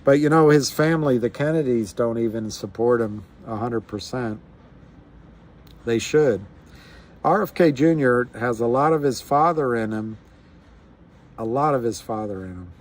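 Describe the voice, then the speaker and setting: A man's voice: medium pitch, normal speed. A man hosting a casual livestream, musing aloud in a rambling way with frequent restarts. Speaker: livestream host.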